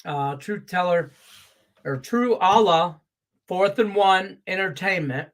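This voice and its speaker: Middle-aged male handicapper, pitched a bit high, blunt, cursing, loose and rambling. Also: slow pace, fairly bright tone. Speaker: sports betting handicapper. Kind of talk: casual betting-picks show talk.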